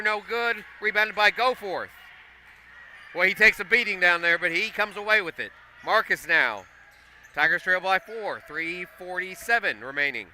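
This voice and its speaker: Male play-by-play announcer, excitable, sharp bright tone, lively on big plays. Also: moderate pace, slight background noise. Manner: excitable, voice jumps high and loud on big plays. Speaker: play-by-play commentator. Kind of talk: live basketball commentary. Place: school gym.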